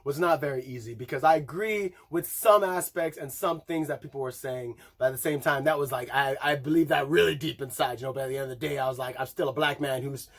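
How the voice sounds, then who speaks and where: A man's voice: mid-range voice, fast, few pauses. A man chatting casually through an album review, rambling and profane, often laughing and singing along to lyrics. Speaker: music reviewer.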